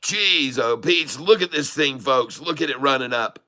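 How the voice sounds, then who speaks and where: Guy hyping up a stock chart live, bright forceful voice, folksy and worked up. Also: mid-range voice, moderate pace. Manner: excitable, hyped, folksy slang. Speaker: day-trading streamer.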